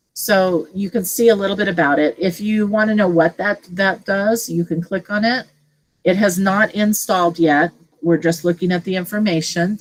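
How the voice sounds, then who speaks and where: Middle-aged woman trainer, low-pitched, casual and chatty, screen-share tutorial. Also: poor audio. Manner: casual, chatty, thinking aloud with fillers. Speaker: teacher leading a tech training session.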